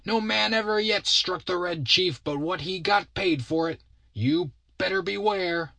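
A man voicing a wild, defiant young boy, a kidnap victim who makes bossy threats in a shrill voice. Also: measured pace, gravelly, bright, forceful tone, no room sound, heavily acted. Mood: threatening.

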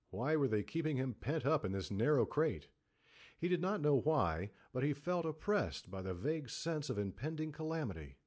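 Low-voiced man narrating an audiobook. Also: darkish tone. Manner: measured, dramatic storytelling. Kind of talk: scripted narration.

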